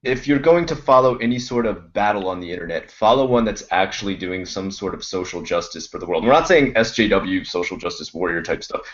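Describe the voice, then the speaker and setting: A man co-hosting a casual web show, loosely rambling through topics and a sign-off with crude asides, over a video call. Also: on the low side. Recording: muffled video call audio.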